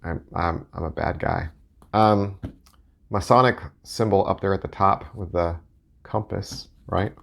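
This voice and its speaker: A man's voice: low voice, fairly even intonation, measured pace, gravelly, a bit bright. A middle-aged man rambling casually as he reviews playing-card decks, joking and poking fun at himself. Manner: rambling, joking and self-mocking. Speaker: deck collector and video host.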